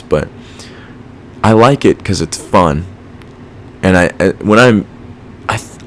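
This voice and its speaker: A young man hosting a solo podcast, rambling casually and swearing a lot while thinking out loud. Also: deep voice, slight background noise. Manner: rambling, profane, self-reflective. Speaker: podcast host.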